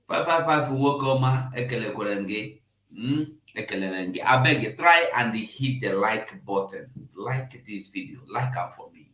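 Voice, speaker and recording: A man with a Nigerian Pidgin accent hosting a casual live stream, emphatic and repetitive, jumping from loud bursts to hushed asides. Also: mid-range voice, roomy sound. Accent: Nigerian Pidgin English.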